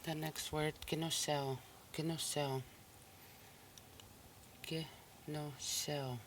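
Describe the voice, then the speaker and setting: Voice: mid-range voice, takes it slowly, background noise. A language teacher on a recorded listening lesson, repeating each word patiently and breaking it into syllables. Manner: patient, even explaining tone.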